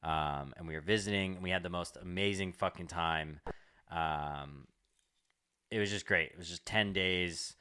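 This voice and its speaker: Low-voiced young man rambling through a story. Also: normal speed, pushed and bright, smooth. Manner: rambling, swearing, lots of "like". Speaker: comedian podcast co-host. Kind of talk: casual storytelling chat.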